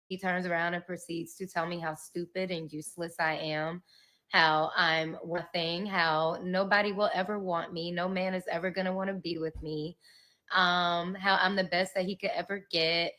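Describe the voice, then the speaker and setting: Woman, somewhat low voice, candid vlogger recounting her own life, emotional, cursing, nervous laughter. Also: steady tone, moderate pace, a bit bright. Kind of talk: candid personal storytelling.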